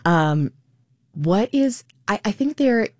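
A woman in her thirties, a stage actor, talking lively and expressively as a guest in a radio interview. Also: medium pitch, slow, no echo, clean studio sound.

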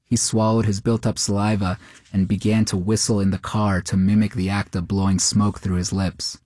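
A man narrating a short story in a steady, measured way. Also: fairly low pitch, no room sound.

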